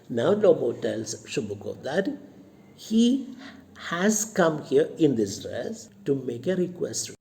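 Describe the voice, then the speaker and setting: A man's voice: mid-range voice, sing-song, slow, vocal fry, a little mellow. A male college English lecturer with an Indian English accent, explaining a play to students and retelling each line in simple words.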